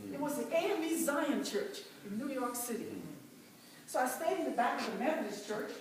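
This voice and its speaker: A woman's voice: fairly high pitch, a little hiss or hum, close to an everyday voice. A woman performing a first-person dramatic monologue as a devout, determined mother who was once enslaved, with impassioned cries of "oh" in a large church. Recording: very echoey church, mic far off.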